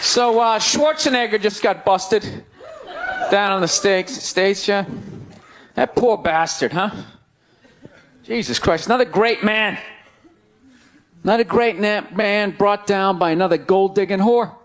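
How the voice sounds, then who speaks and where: A male stand-up comedian on a club stage, ranting loudly and incredulously into a handheld mic. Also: high-pitched, unhurried, long pauses, crowd noise, background noise.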